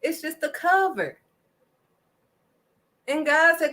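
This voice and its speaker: A woman's voice: a little high, measured pace, fairly bright tone. A woman giving an impassioned faith talk to her viewers, emphatic and preachy, driving points home with a firm "period.". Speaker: faith vlogger.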